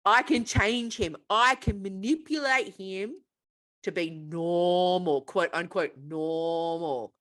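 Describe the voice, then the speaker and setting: A woman voicing a naive young woman who hopes she can change her lover, speaking slowly in a lower tone. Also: fairly bright tone. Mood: hopeful.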